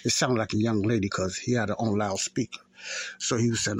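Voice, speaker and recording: A man's voice: lowish voice, fairly even intonation, brisk, slightly rough. A man, hosting a faith podcast and telling a story in a rambling, repetitive way. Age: 50s. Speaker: podcast host. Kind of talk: casual spoken testimony.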